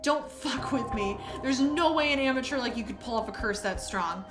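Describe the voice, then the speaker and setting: A woman voicing a gruff, defiant male detective who answers threats curtly and with swearing. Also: fairly high pitch, moderate pace, over music, lightly acted. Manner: blunt, curt, swearing.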